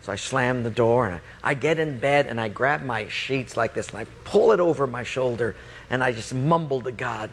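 A preacher telling a story from the pulpit in an animated, expressive and playful way. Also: male voice, medium pitch, normal speed, vocal fry, slightly rough, big-room sound. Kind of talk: sermon storytelling.

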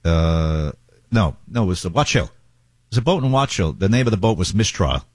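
A male talk radio host chats casually and drifts into asides. His voice is low and a little husky, with lively swings in pitch. The studio sound is dry and close. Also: normal speed, dry recording. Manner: chatty, wandering asides.

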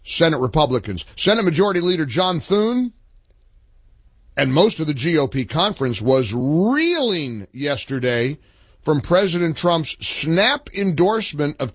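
Older male talk radio host, higher-pitched, very lively delivery, dry close mic. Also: a little slow, husky, no room sound. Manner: emphatic, animated, swings between low asides and high outbursts. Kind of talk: political talk radio monologue.

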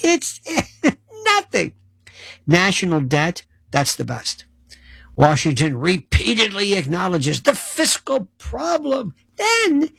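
A man delivering a sarcastic, animated commentary monologue, mocking the voices of the people he argues against. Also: high voice, gravelly, no room sound, low-quality recording. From United States. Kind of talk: ranting monologue to camera. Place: New York City.

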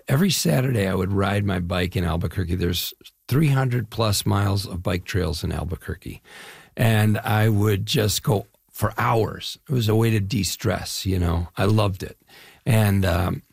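Older guy from chicago, gravelly husky voice, chatty and keen, dry close mic. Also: lowish voice, a little mellow, no echo. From Chicago area, US Midwest. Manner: enthusiastic storytelling with fillers and repeats. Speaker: actor guest. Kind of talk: casual interview talk.

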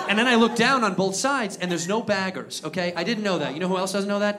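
A man performing an animated stand-up comedy set on stage, telling a story and acting out loud voices. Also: sits high, quick pace, few pauses. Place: live comedy venue with audience. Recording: live show with crowd noise and laughter.

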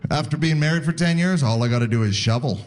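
A man in his forties from Canada, telling stand-up stories in a laid-back way with animated voiced asides. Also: a little high, quick pace, noisy background. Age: 40s. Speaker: stand-up comedian. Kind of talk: stand-up comedy set. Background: audience laughter.

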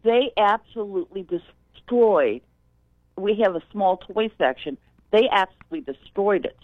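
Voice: mid-range voice, expressive, unhurried, no room sound. Caller on a muffled phone line. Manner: retells events, repeating "I said". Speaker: caller, store worker. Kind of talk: phone-in storytelling.

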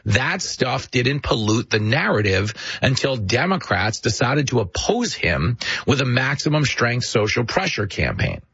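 A man hosting a political commentary monologue, telling stories in a mocking, animated way. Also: mid-range voice, husky, no room sound, lo-fi sound. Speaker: show host.

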